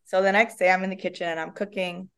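A young woman speaks as a podcast guest, telling stories in a lively, casual way. She slips into the voices of the people she describes. Her voice sits at an ordinary middle pitch. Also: quick pace, smooth. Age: young adult. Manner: animated, acts out quoted dialogue. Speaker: guest, movement method founder. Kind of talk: casual storytelling interview.

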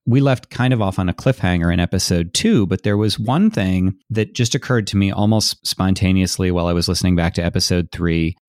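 A man's voice: deep voice, a little fast, few pauses, darkish tone, no room sound, studio quality. A man hosting a podcast interview, talking in a thoughtful, reflective way with frequent restarts. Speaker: podcast host. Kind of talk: conversational interview.

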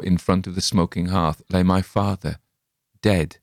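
Deep-voiced man reading gothic fiction. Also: steady tone, measured pace, gravelly, darkish tone, no room sound, studio quality. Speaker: audiobook narrator. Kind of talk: scripted narration.

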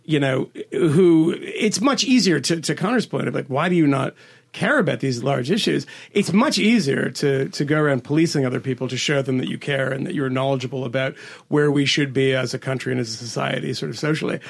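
A man's voice: medium pitch, brisk, creaky, breathy edge. A man hosting a podcast, rambling through casual political talk with lots of hesitant restarts. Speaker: podcast host.

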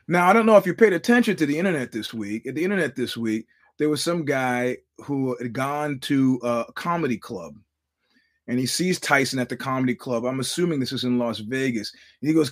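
A middle-aged man hosting a podcast, telling stories in a loose, profane monologue with lots of restarts. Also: medium pitch. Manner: rambling storyteller, profane, many restarts. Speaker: podcast host. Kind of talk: casual monologue.

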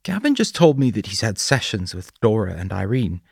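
A man's voice: lowish voice, very animated, moderate pace, creaky, a little mellow, slightly rough, no echo, studio quality, pitched above the performer's own voice, full character voice. A man doing a caring female teacher. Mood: earnest. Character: concerned female schoolteacher, earnest and kind.

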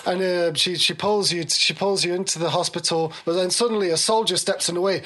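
A man's voice: high-pitched, fairly even intonation, fairly bright tone. A man narrating a comedy tabletop game as game master, playful and teasing. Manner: playful, teasing, halting with fillers. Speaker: game master and podcast host.

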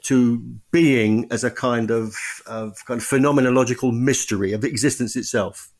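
A man's voice: mid-range voice, fairly even intonation, a little mellow. A male author, speaking as a guest in an interview, thinking aloud with frequent restarts and self-corrections. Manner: thoughtful, halting, frequent restarts. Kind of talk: podcast interview.

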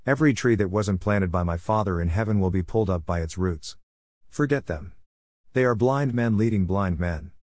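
A man's voice: low-pitched, moderate pace, a little mellow, no echo, studio quality, close to an everyday voice. A man reading the words of a stern, plain-spoken male teacher during a scripture reading, with his voice a little raised. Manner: blunt, plain-spoken rebukes.

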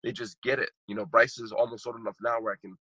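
A man's voice: mid-range voice, level tone, quick pace, bright, forceful tone, breathy edge, no echo, highs cut off. A man in his thirties, a podcast guest and motivational speaker, telling a heartfelt story with emphatic repetition while choked up. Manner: emphatic, repeats phrases for impact.

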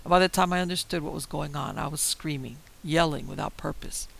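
A man giving tense, measured first-person horror story narration. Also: on the high side, animated, creaky, fairly bright tone, rough recording.

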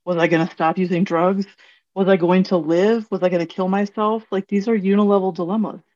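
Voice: medium pitch, steady tone, fairly quick, a little mellow. A podcast host asking curious questions and reflecting earnestly in a conversational interview. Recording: dull lo-fi recording.

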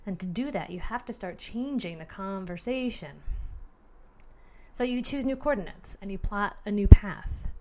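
A woman podcast host giving animated motivational talk, speaking straight to the listener in a coaching manner. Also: medium pitch, normal speed, a little hiss or hum.

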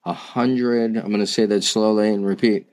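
A man co-hosting a casual business chat, upbeat and quick to laugh. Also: fairly low pitch, level tone, a little mellow. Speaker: podcast co-host.

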